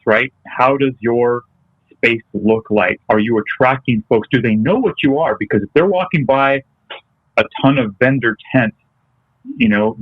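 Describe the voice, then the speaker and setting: A man's voice: mid-range voice, dry recording. A male interview guest who talks in a casual, hesitant way and often stops to restart a thought. His voice comes through a narrow, tinny, phone-like line that sounds dry. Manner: hesitant, with many ums and restarts. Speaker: interview guest, detailing business owner. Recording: tinny, phone-like remote call audio.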